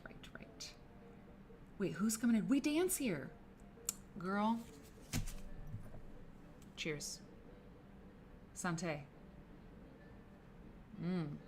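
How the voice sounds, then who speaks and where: A woman's voice: fairly low pitch, slight background noise. Chatty woman streaming from her office. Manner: rambling, chatty, talks to viewers by name. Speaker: live-stream host. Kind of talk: casual co-working stream chat. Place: her office, late at work.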